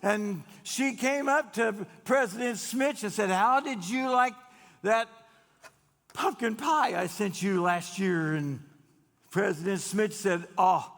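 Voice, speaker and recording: A man telling folksy jokes to a gathering, chatty with drawn-out pauses and frequent restarts. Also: high voice, a bit bright. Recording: long hall reverb.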